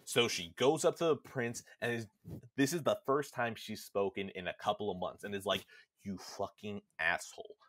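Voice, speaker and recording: A man with a low voice recaps a video game's story for his podcast, casual and animated, acting out bits of dialogue as he goes. The sound is dry and close. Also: no echo. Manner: animated storytelling, slips quickly into character quotes. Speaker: podcast host. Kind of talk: casual spoilercast retelling of a game story.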